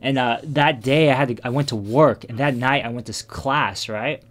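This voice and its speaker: A man chatting casually, recounting a personal memory. His delivery is halting and reflective, with frequent restarts and fillers. He often lets his words trail off into quiet, subdued murmurs. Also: medium pitch. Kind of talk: casual conversation, telling a personal story.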